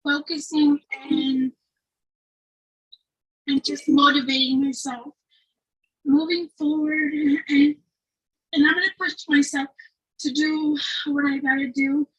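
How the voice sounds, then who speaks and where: A woman on a video call, crying as she shares, halting and apologetic, searching for words. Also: sits high, level tone, rough recording. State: tearful, crying. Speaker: participant sharing on a live online event. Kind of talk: emotional testimony.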